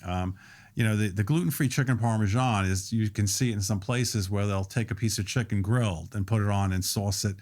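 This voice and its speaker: A man in his sixties, a restaurant owner and guest on a podcast interview, explaining things at length in a steady, detailed way. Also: on the low side, brisk.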